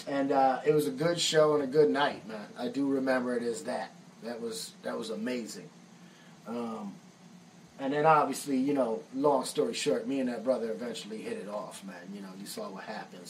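A man's voice: medium pitch, recorded from a distance, a little hiss or hum, low-quality recording. An American musician and songwriter telling stories casually on a live stream, laid-back and profane, saying "man" often. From United States. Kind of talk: casual storytelling.

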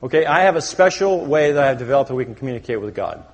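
A man preaching a satirical sermon as a pastor, mock-pompous and deadpan self-important, speaking to a congregation in a church sanctuary. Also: medium pitch, quick pace, muffled recording. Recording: long hall reverb.

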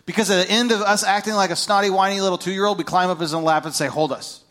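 A man preaching a sermon, animated and playful as he talks to the congregation. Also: sits high, fast talker. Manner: animated, jumps into playful voices.

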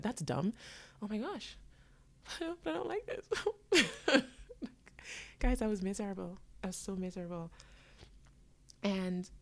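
A woman in her twenties telling her own story to her viewers, dramatic and animated, laughing often and acting out the people in it. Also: on the low side. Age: 20s. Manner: voices herself and others in quick asides. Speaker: vlogger. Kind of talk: storytelling to camera.

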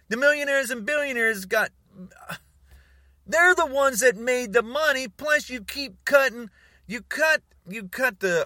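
A man rants in a bright, tense voice that swings widely in pitch, heated and sarcastic. His tone stays exasperated throughout. The recording is dry and close. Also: no room sound. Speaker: political commentator. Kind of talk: ranting monologue to camera.

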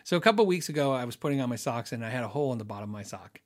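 A middle-aged man, a guitar tech hosting a podcast, chatting casually and joking with laughs, trailing off into low asides. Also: expressive, racing. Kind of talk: casual live-stream chat.

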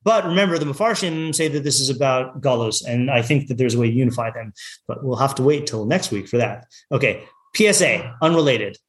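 A man teaching a relaxed weekly text class to students, reading translations aloud and explaining them with many pauses, fillers and restarts. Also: mid-range voice. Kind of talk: informal text study class.

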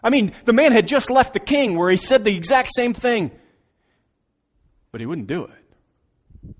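A man pastor delivering a sermon, telling a story with dramatic swings between loud, pressing lines and hushed, quiet ones. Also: high voice, very animated, unhurried.

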